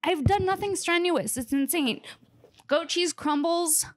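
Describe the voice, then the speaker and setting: With a very high voice and a slightly slow delivery, a woman comedian gives a rambling tour of her kitchen fridge, with no room sound. She is sarcastic and self-mocking, swears a lot and sounds a bit out of breath.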